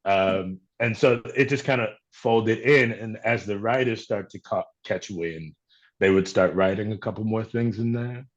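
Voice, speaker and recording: A man from Chicago, an actor being interviewed, talking reflectively and telling stories in a relaxed way. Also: lowish voice, unhurried, dull audio. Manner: reflective, storytelling with quoted voices. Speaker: actor guest. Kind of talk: casual interview talk.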